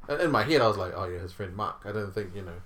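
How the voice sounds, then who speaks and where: A man's voice: lowish voice, racing, fairly bright tone. Laid-back new guy telling stories. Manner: laid-back storytelling with many fillers and laughs. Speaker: tournament organiser. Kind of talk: casual chat.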